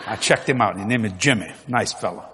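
A man preaching a sermon with jokes, swinging from low murmurs to loud shouts. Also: a little fast, a little hiss or hum. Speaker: pastor. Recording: long hall reverb, faint ambience.

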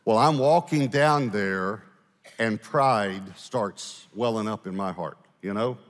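A man preaching a storytelling sermon, animated, with fast asides and slow dramatic pauses. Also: fairly low pitch. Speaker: pastor. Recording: echoey hall, live sermon.

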